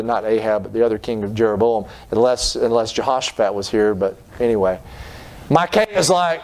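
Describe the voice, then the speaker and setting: A man's voice: mid-range voice, a little fast, darkish tone. A man preaching a sermon, retelling scripture in folksy terms and putting on voices for its people. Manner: folksy storytelling, acting out the people in his stories. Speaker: pastor.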